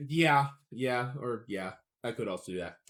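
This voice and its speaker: A man's voice: medium pitch, animated, normal speed, fairly bright tone. A young man co-hosting a casual sports podcast, rambling and joking about his own pronunciation. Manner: chatty, rambling, self-deprecating about pronunciation. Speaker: podcast co-host.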